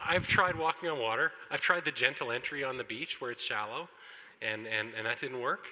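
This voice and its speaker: A man preaching in a church hall, his voice very bright and forceful. He talks in an animated way and jokes with the congregation. A long reverb from the hall trails behind his words. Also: medium pitch, a little fast. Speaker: pastor. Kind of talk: sermon.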